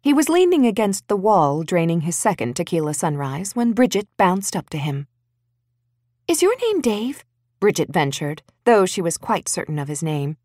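A woman narrating an audiobook in an expressive, wry storytelling manner. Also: fairly low pitch, moderate pace, hardly any pauses, dry recording, studio quality.

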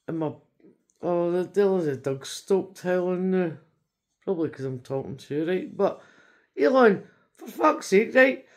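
A woman's voice: lowish voice, lively intonation, measured pace, darkish tone. A Scottish woman from Scotland delivering a heated, rambling, sweary rant in a video message, constantly tagging her sentences with "right?". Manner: frequent tag question "right?".

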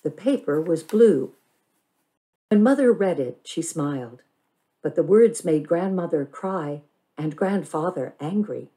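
A woman reads a children's novel aloud, her voice lower than most and soft, warm and mellow. She paces the story carefully and gives it expression. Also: lively intonation, unhurried, low-quality recording. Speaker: reader.

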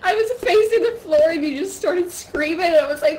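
A woman talking with friends over voice chat during an online game, animated and laughing as she recounts what happened. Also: very high voice, fairly quick. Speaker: co-player on a stream. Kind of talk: casual gaming chat over voice call. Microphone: voice chat with push-to-talk.

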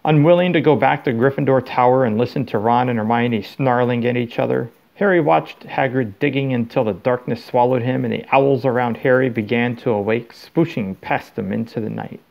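A man reading a storybook chapter aloud to his child in a steady, plain way. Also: medium pitch, a little fast, vocal fry, few pauses, muffled recording.

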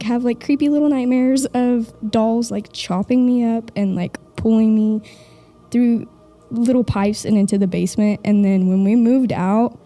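A woman's voice: fairly high pitch, warm tone. Young Oklahoma woman, rambling and nervous. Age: young adult. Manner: rambling, many "like" fillers, nervous laughs. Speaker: audience member telling a story. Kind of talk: live stage storytelling. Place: stage of a live event in a castle.

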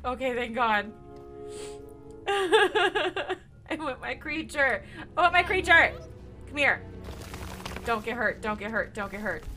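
A woman's voice: fairly high pitch, animated, slow pace, pauses often, bright, forceful tone, soft background music. A woman streamer giving casual commentary as she plays a game, swearing freely and bursting into laughs and shrieks of surprise.

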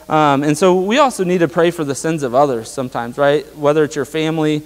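A young man gives a relaxed, chatty sermon, his voice sitting a little high for a man. He keeps checking in with the congregation through tag questions and filler words. The sound carries a long hall reverb. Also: quick pace, hardly any pauses. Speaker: pastor. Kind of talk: casual sermon. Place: church sanctuary.

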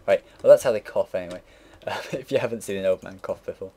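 A young man in his late teens narrates a computer build in casual gameplay commentary, rambling and swearing as he goes. His voice is low and dark with a breathy edge, and he talks fast. Keyboard typing and mouse clicks sound in the background.

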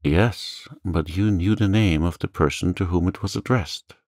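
A man voicing a stern, proud magistrate in a calm audiobook reading, curt and commanding. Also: low voice, moderate pace, dry recording, studio quality. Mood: stern, uneasy.

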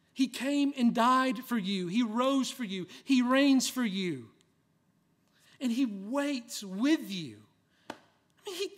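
Slow, earnest preacher man. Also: very high-pitched. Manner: earnest, swings from soft hush to loud emphasis. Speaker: pastor. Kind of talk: sermon.

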